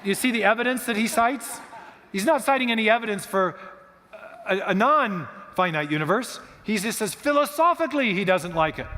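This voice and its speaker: A man giving a guest talk in a church, explaining in an animated storytelling way with frequent restarts. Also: high-pitched, normal speed, a little hiss or hum. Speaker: guest speaker. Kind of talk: lecture-style talk. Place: church hall. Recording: long hall reverb.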